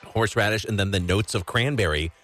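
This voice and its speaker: A man's voice: on the low side, fast talker, a bit bright, faint music behind. A man hosting a casual on-air chat, enthusiastic and talkative, tasting food while he speaks. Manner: chatty, enthusiastic, talks while eating. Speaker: radio show host.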